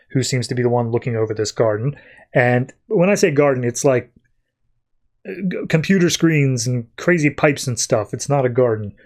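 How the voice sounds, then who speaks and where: A man talks through a comic issue for his podcast in a casual, rambling style. His pitch sits in the middle, and his speech is loose and full of fillers and restarts. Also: darkish tone. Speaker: podcast host. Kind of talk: casual comic-book recap.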